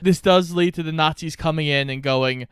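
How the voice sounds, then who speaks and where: A man's voice: on the high side, normal speed, smooth, no room sound. Dry, amused man recapping a plot. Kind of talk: casual movie recap narration.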